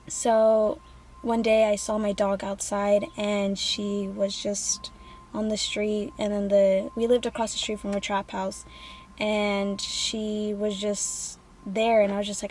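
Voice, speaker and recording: A woman's voice: mid-range voice, darkish tone, slight background noise. A young woman in a casual vlog, talking candidly and profanely with many fillers. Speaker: vlogger. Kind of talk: casual get-to-know-me vlog.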